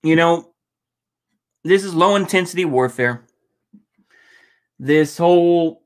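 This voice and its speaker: With a fairly high voice, a man speaks slowly and leaves long pauses. He's livestreaming his reaction to protest footage, rambling loosely with swearing and plenty of filler.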